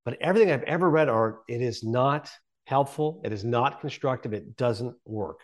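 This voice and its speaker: A man's voice: mid-range voice, expressive, moderate pace. A man in his forties speaking as an interview guest, earnest and reflective, often restarting his sentences. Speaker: guest, sports broadcaster. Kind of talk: conversational interview.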